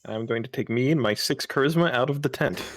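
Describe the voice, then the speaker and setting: A man's voice: medium pitch, quick pace, heavy background noise. A man playing a tabletop game, talking in a dry, hesitant, joking way. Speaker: player. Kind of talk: casual tabletop play.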